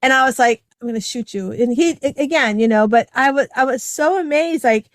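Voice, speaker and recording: A woman's voice: high voice, fairly quick, dry recording. A middle-aged woman hosting a podcast, telling a personal story in a chatty way with lots of fillers. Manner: chatty, many fillers, acts out quoted voices. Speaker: podcast host. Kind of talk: casual conversational storytelling.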